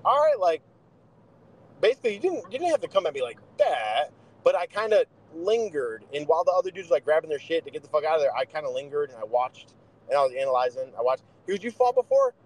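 A man's voice: a little high, animated, fast, a little mellow, low-quality recording. A young man co-hosting a podcast, telling boxing stories in a blunt, profane, casual way. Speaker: podcast co-host, boxer.

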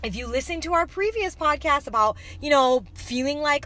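A woman's voice: high voice, fairly quick, few pauses. A woman in her thirties co-hosting a podcast, telling a story in casual chat and acting out the quotes as she goes. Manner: animated storytelling, acts out quotes. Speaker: podcast co-host.

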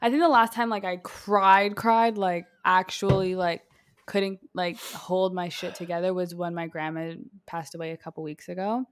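A woman's voice: on the low side, fairly even intonation, moderate pace. A young woman co-hosting a podcast, chatting casually and filling her talk with "like". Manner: chatty, fills speech with "like". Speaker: podcast co-host. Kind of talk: casual chat.

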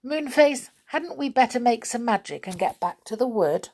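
A woman reading aloud voices a frightened little girl from a storybook, pitched high and pleading, her lines rising shrilly as she insists she is right. The delivery is lively and swoops up and down. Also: normal speed. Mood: urging.

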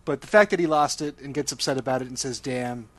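A man's voice: mid-range voice, fast, fairly bright tone, no echo. Male podcast co-host, wry and self-mocking, dry close recording. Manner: wry, self-deprecating, laughs often. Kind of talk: casual chat.

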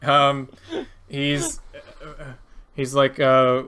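A man narrating as game master of a tabletop game, animated and laughing often as he quotes characters. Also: mid-range voice, normal speed, clean tone.

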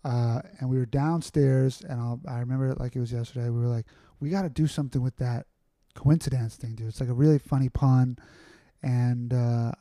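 A man's voice: mid-range voice, fairly even intonation, fairly quick, dark tone, no echo. A man talking casually as a podcast guest, rambling and candid, with many fillers and restarts. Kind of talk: casual conversational storytelling.

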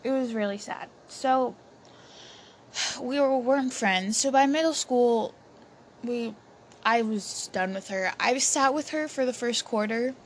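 A woman's voice: a little high, measured pace. A young woman telling a personal story in a chatty way, with many fillers and restarts. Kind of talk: casual storytelling. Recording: faint background noise.

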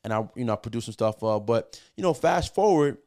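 A man's voice: mid-range voice, animated, a little fast, darkish tone. Middle-aged man telling loose, profane stories. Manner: profane, loose, filler-heavy with many restarts. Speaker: podcast guest, music producer. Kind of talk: casual storytelling.

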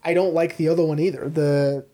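A man's voice: a little high, steady tone, brisk, mellow. Laid-back man riffing on a podcast. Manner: casual, laughing, fired-up. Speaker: podcast co-host. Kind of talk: casual chat about movies.

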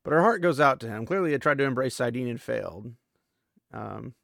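A man's voice: medium pitch, lively intonation, brisk, creaky, fairly bright tone, no echo, studio quality. A man hosting a podcast, recapping a book chapter in a chatty, loose way full of casual asides. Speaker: podcast host.

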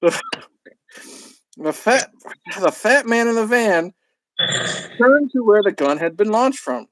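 A man's voice: sits high, expressive, slow, no room sound, rough recording. A man hosting a podcast, reading a crude comedy story aloud with irreverent asides. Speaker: podcast host.

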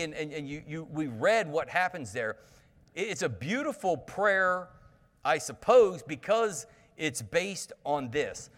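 A male pastor reads scripture and then preaches on it in a loose, folksy manner, often restarting his sentences. His voice sits a little high for a man. A long reverb trails behind him, as in a church hall. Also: a bit bright. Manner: folksy, conversational, frequent restarts. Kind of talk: sermon with scripture reading.

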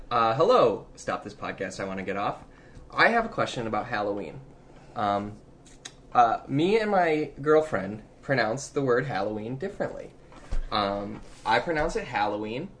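A woman's voice: extremely low pitch, a little hiss or hum. A woman co-hosting a podcast in casual chat, playful and teasing, arguing with mock outrage. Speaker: podcast co-host.

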